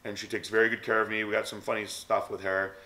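Bright-voiced man rambling through a story. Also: fairly low pitch, level tone, quick pace. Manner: rambling, lots of likes and ums. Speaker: vlog host. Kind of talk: casual storytelling. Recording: echoey room with long reverb.

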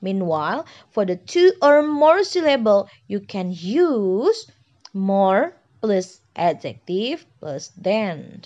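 Woman, Indonesian accent, unhurried teacher, repeats points and checks in often, dull lo-fi recording. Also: mid-range voice, sing-song, darkish tone. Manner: patient, repetitive explaining with frequent "okay" and "yeah" checks. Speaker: English teacher. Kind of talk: classroom grammar lesson.

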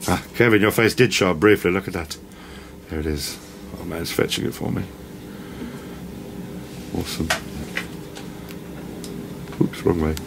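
An enthusiastic man rambles cheerfully through a shop tour. His voice sits low with a gravelly edge. There is a faint hiss behind him. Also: unhurried, pauses often. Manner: enthusiastic, rambling, self-deprecating. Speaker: presenter. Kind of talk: walk-around shop tour vlog. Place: indoor shop.

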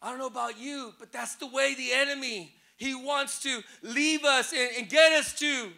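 A man with a very high, sharp voice preaching a fervent sermon in a church. He drops to a hush, then rises to shouts, repeating phrases with deep emotion. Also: fairly even intonation, normal speed, vocal fry. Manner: swings from hushed to shouting, repetitive and emotional. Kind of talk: impassioned sermon. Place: church service before a congregation.

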